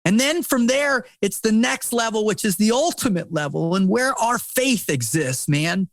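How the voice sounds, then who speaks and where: A man's voice: high voice, expressive, normal speed, vocal fry, no room sound. A middle-aged man, a podcast guest and former Navy SEAL, talking in an intense, preachy way with lots of swearing, repeated words and "man.". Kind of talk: impassioned casual conversation.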